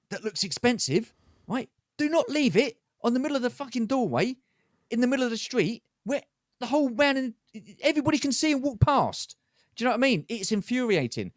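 A man's voice: very high-pitched, no echo, clean studio sound. An older man co-hosting a podcast, blunt and emphatic, swearing as he rants. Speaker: podcast co-host. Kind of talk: casual ranting chat.

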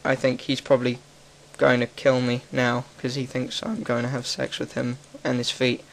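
A man's voice: medium pitch, flat delivery, moderate pace, gravelly, a little hiss or hum. A young man with an English accent, talking frankly and rambling as a gaming commentator. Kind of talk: casual gaming commentary monologue.

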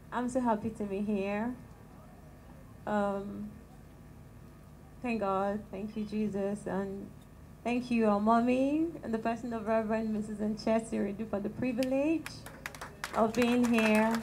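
A Nigerian woman with a tiny, soft voice, praying and speaking calmly and gently to a church women's gathering into a handheld microphone. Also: medium pitch, slight background noise, low-quality recording. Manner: calm and gentle, chatty with light laughs. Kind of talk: prayer and talk to a church gathering.

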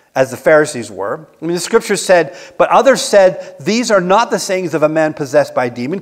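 A man's voice: sits high, big-room sound. A man preaching a sermon as pastor, earnest and emphatic, with many rhetorical questions. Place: church sanctuary.

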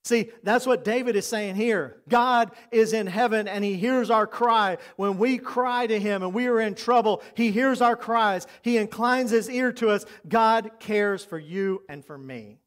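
Мужчина средних лет, пастор, читает проповедь искренне, временами переходит на тихий, доверительный тон. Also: male voice, sits high, unhurried, few pauses. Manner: earnest, preacherly, drops to soft intimate tones for emphasis. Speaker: pastor. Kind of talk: sermon.

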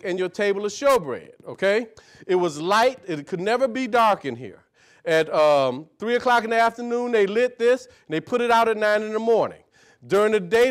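A man preaching live to a small group. He teaches from scripture in a folksy way, keeps checking in with "see?" and "right?", and repeats key words in rhythmic runs. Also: sits high. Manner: leads a reader through verses, echoing each phrase.

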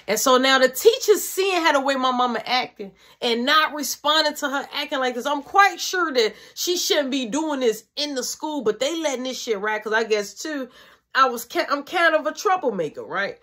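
A woman's voice: sits high, expressive, normal speed, sharp tone. A woman telling a personal story in casual, slangy, profane speech.

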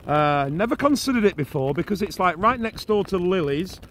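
A man's voice: high-pitched, lively intonation, a little fast, fairly bright tone, a little hiss or hum. A man, vlogging casually outdoors in the rain, chatty and jokey with laughing asides. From England. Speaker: food vlogger. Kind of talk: casual vlog talking to camera.

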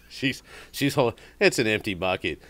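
A man's voice: lowish voice, lively intonation, measured pace, a bit bright. A man co-hosting a casual podcast from a shop, telling rambling stories with many fillers. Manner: rambling storyteller, mimics a parrot's squawk. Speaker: podcast co-host. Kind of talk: casual chat. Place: cigar shop.

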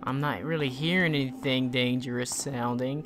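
A let's play gamer swearing and shouting at enemies while commenting on the game to the viewer. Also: mid-range voice, moderate pace, pauses often, over music. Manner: profane, excitable, yells at enemies on screen; talks to the viewer while playing. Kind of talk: casual gameplay commentary.

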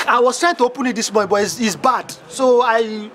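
A man's voice: very high voice, fairly quick, a bit bright, faint music behind. A man with a Nigerian accent playing a cheeky young gateman who brags in pidgin English and defers to his boss. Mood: deferential. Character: cheeky young male gateman, boastful braggart. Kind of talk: Nollywood film acting.

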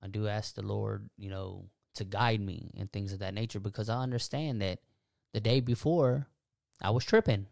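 Gravelly-voiced man sharing faith talk. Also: fairly low pitch, moderate pace, no room sound, clean studio sound. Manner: animated, preachy storytelling with laughs. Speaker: podcast co-host. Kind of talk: casual faith discussion.

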